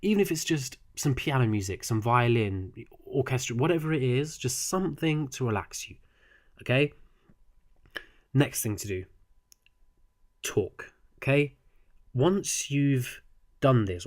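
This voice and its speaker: A young man with an average-pitched voice giving casual advice over a desk microphone. He talks earnestly, backs up to restart his sentences and keeps asking "okay?" to check in. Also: darkish tone. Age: young adult. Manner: earnest, repeats "okay?" often, frequent restarts. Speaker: student vlogger giving advice.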